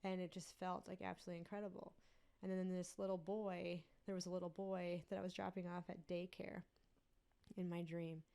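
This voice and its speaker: Woman rambling thru a personal story on a podcast, flat and gravelly, lots of likes. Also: on the low side, fairly quick. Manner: earnest, rambling, full of "like" fillers. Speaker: podcast guest.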